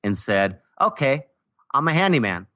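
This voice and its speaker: A man in his forties, a podcast guest, telling a story about his early mistakes with animated, self-mocking humor. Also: medium pitch, normal speed, no echo, clean studio sound. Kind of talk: casual storytelling.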